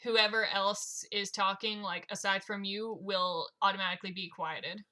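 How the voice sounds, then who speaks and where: Bright-voiced woman explaining settings. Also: medium pitch, steady tone, normal speed. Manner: explains things step by step, laughs easily. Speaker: player. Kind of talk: casual chat before a tabletop game.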